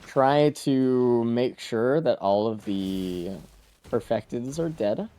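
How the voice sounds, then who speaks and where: This man's medium-pitched, mellow voice moves slowly as he plays a game on a live stream. He's sleepy and yawning, chatting loosely with viewers, rambling and letting sentences trail off into fillers.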